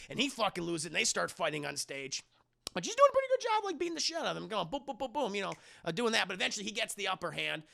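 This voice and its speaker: Gravelly, bright-voiced male streamer, profane and animated, acts out scenes for chat. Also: high-pitched. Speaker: streamer film reviewer. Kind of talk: profane scene-by-scene film recap for live chat.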